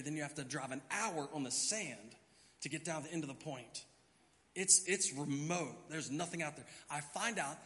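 A middle-aged man preaching from the pulpit, telling a story with lively acted-out moments. His voice is fairly high and forceful. The sound rings with the long reverb of a church hall. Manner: animated storyteller, acts out his own panicked thoughts. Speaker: pastor. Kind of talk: sermon storytelling. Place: church sanctuary.

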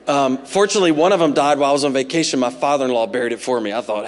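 A man's voice: medium pitch, very fast. A man in his forties, a pastor preaching a sermon, telling humorous family stories with asides to the congregation. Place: church sanctuary. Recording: reverberant hall.

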